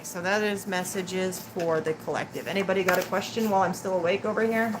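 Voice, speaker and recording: A woman's voice: fairly low pitch, fairly even intonation, brisk, hardly any pauses. A woman doing a live-stream tarot reading, chatting and teasing with her viewers and laughing often. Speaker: tarot reader. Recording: clear background noise.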